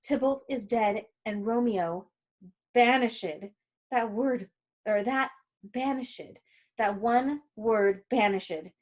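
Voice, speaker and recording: A woman reading the part of a grieving young bride from a play aloud, slowly and earnestly. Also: a little high. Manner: slow, deliberate, earnest line reading. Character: young female lover, grieving and distraught.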